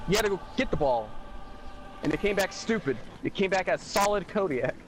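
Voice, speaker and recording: A man's voice: sits high, lively intonation, fairly quick, a little hiss or hum, poor audio. A man in casual chat, rambling with many restarts, laughing and swearing. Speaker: podcast co-host.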